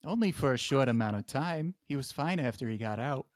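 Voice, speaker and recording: A flustered alien captain hiding as a human rambles through an awkward confession, as a man improvises him. The voice sits at an ordinary middle pitch. It is recorded dry and close, with no room sound. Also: lively intonation, brisk, no room sound. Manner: rambling, sheepish, hesitant. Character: male space-amoeba starship captain posing as human. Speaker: improv player and scene runner. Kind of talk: improvised sci-fi role-play.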